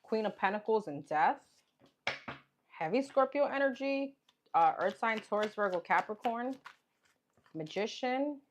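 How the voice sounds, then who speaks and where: A woman's voice: fairly high pitch, lively intonation, a little slow, long pauses, slight background noise. A woman giving a tarot reading, chatty and musing, thinking aloud and repeating herself as she turns over cards. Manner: chatty, musing, repeats "okay" and "what's coming up" while pulling cards. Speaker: tarot reader.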